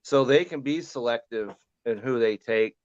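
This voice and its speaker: Relaxed man talking football, smooth dry sound. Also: mid-range voice, normal speed, no room sound, lo-fi sound. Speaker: fantasy football show host. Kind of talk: casual sports chat.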